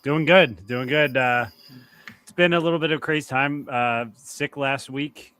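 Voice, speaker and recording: A man's voice: mid-range voice, measured pace, pushed and bright, clean tone. A man from Philadelphia, co-host on a podcast, chatting candidly and rambling a bit. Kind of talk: casual chat.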